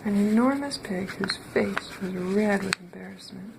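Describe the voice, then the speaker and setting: A woman reading a children's storybook aloud in an expressive, playful way, with a slightly creaky voice. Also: medium pitch, unhurried, background noise. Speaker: storybook reader. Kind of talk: children's read-aloud narration.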